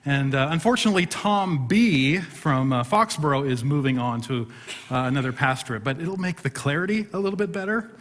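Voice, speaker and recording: A man's voice: on the high side, a little fast, a bit bright, a little hiss or hum. A middle-aged man, a pastor, preaching a sermon and telling a self-deprecating story with humor. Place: church sanctuary. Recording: long hall reverb.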